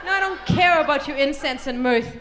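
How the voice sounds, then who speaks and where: A woman's voice: high-pitched, fairly quick, a bit bright, in a large hall, rough recording. A woman voicing a fussy, bossy pregnant young mother who complains about everything around her. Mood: indignant. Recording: live stage recording with audience noise.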